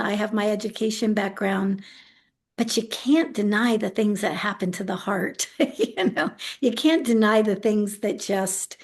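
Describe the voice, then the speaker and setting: A middle-aged woman being interviewed, telling a story in a relaxed, animated way, acting out what people said and laughing often. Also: medium pitch. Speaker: autism integration specialist, interview guest.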